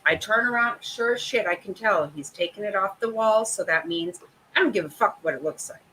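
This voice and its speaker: Bright-voiced woman ranting. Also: medium pitch, brisk, a little hiss or hum, rough recording. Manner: profane, exasperated, laughing often. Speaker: host. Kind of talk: casual chat.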